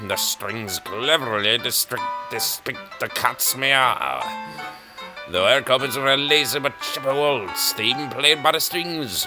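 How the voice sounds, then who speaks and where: A man giving casual commentary on a brain-training game, reading on-screen text aloud and joking about it. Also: medium pitch. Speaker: let's player.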